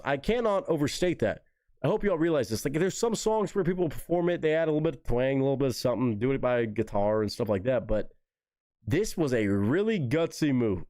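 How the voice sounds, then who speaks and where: Pitched fairly high and a little mellow, this man hosts a live stream, cursing excitedly about a song and talking to people in chat. The recording is clean studio sound with no room tone.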